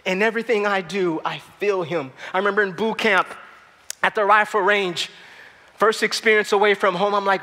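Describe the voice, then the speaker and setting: A man preaching a sermon to his church, passionate and swinging between loud outbursts and hushed moments. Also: high voice, fairly even intonation, moderate pace, in a large hall. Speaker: pastor. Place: church hall.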